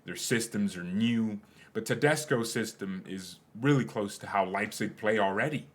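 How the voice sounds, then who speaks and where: A man's voice: fairly low pitch, moderate pace. A young man hosting a football fan channel in casual, rambling commentary, jokey and often correcting himself.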